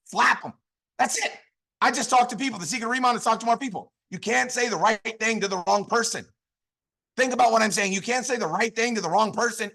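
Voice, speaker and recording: A man speaks with a high, bright voice in a pumped-up motivational training talk. He repeats his points and throws questions at his listeners before he answers them himself. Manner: fired-up, repetitive, call-and-response. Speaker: network marketing leader.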